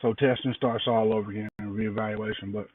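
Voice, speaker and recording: Tired man, low flat voice, phone-like sound. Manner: low-key, plain-spoken, halting with fillers. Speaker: cancer patient sharing an update. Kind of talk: casual video diary. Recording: distant, phone-like, noisy recording.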